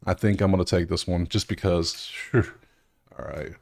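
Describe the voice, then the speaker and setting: A man's voice: sits low, normal speed, vocal fry. A man hosting a sports betting video, chatting casually to himself as he scrolls through stats, with wry, exasperated asides. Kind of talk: casual solo commentary over stats.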